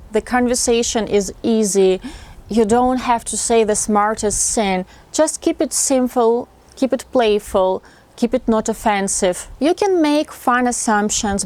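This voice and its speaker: Female dating coach with a slightly high voice, instructive and friendly, talking straight to camera. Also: darkish tone. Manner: friendly and instructive, acts out sample lines. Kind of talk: advice monologue to camera.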